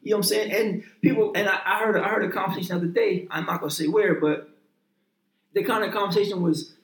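A man talks in heated casual chat, swearing freely and hammering his points by repeating and restarting his words. His voice sits high for a man. The sound is roomy, with plenty of echo around him. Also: quick pace. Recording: roomy echoing room.

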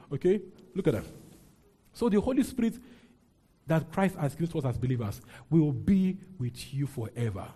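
A man's voice: a little high, dark tone, breathy edge. A man preaching a sermon as pastor, leading his congregation in call-and-response scripture reading. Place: church with a congregation.

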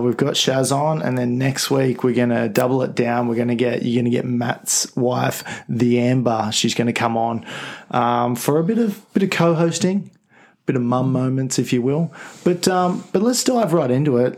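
A man's voice: mid-range voice, normal speed, gravelly, a little mellow. A man hosting a casual comedy podcast, joking in a mock-bossy, self-important way. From Australia. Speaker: podcast host.

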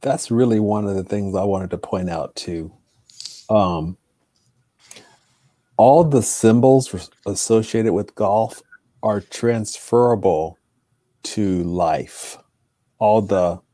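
A man co-hosting a podcast, speaking in a measured and thoughtful way. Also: lowish voice, mellow, no room sound. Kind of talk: casual chat.

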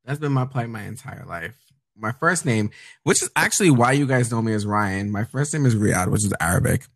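Wry relaxed man co-host. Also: lowish voice, brisk, dry recording. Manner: relaxed, wry storyteller, swears casually. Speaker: podcast co-host. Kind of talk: casual chat.

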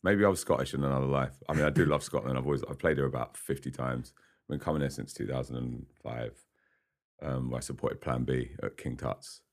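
Very deep and steady in tone, this man's voice moves at a brisk clip. He's a singer-songwriter on a podcast, chatting loosely in a studio interview, wandering off topic and laughing a lot.

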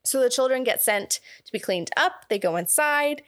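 A woman's voice: high voice, lively intonation, moderate pace, dry recording, studio quality. A young woman co-hosting a podcast, chatting casually and laughing as she recaps a film's plot with asides. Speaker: podcast co-host. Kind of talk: casual chat recapping a film.

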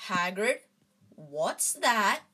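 A woman's voice: medium pitch, big pitch swings, extremely slow, sharp tone, heavily acted. Anxious young schoolboy, read by a woman. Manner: anxious, direct.

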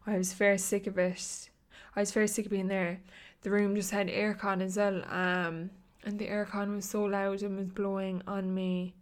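A woman's voice: medium pitch, flat delivery, normal speed. Chatty Irish woman in her twenties. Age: 20s. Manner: chatty and rambling, peppered with "like", laughs often. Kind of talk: casual chat.

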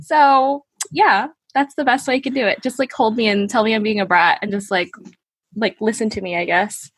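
A giggly young woman chatting on a video call, her voice a little high and slightly husky. The sound is dry and close, with no room around it. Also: moderate pace, no room sound. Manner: giggly, lots of fillers and laughter. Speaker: guest in a video call chat. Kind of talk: casual chat. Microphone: laptop or phone on a video call over a hotspot.

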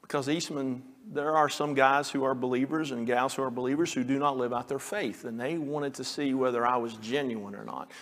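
A man's voice: medium pitch, steady tone, fairly quick, hardly any pauses, fairly bright tone, big-room sound. A male pastor preaching an earnest sermon, now and then acting out the pleading lines of the story. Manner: earnest preaching, acts out quoted pleas.

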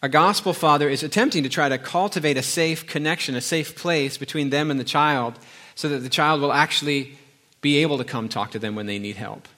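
A man's voice: on the high side, a little fast, pushed and bright. A middle-aged man preaching a sermon, telling a family story and acting out the dialogue in a conversational way. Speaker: pastor.

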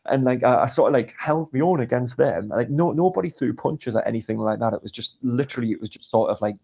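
A man's voice: mid-range voice, animated, fast talker, mellow, muffled recording. A young man casually telling a rowdy anecdote, swearing a lot and acting out quotes. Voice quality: gravelly, husky. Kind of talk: casual storytelling chat.

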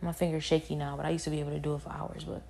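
A woman giving a spoken personal testimony, halting and repetitive, with many fillers. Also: sits low, little pitch movement, vocal fry, warm tone, a little hiss or hum.

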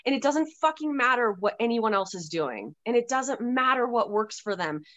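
A woman author talking candidly on a podcast, swearing freely and breaking into animated outbursts. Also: on the high side, normal speed, dry recording, muffled recording. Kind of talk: casual podcast chat.

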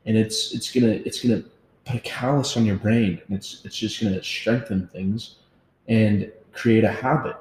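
Mellow-voiced man in an echoey room. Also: fairly low pitch, normal speed. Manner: earnest, motivational, swears casually. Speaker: podcast host. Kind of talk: casual conversation. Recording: echoey room with faint noise.

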